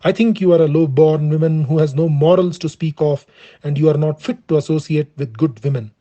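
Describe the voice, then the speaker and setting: Male reader voicing a harsh, impatient king, read plainly; slightly high, soft-toned voice. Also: lightly acted. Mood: contemptuous. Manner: plain measured reading of a harsh rebuke. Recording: dull lo-fi recording.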